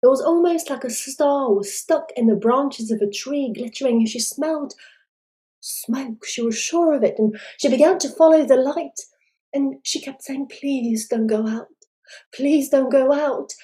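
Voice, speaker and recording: A woman telling a folk tale in a soft, dramatic storybook narration. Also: high-pitched, normal speed, low-quality recording.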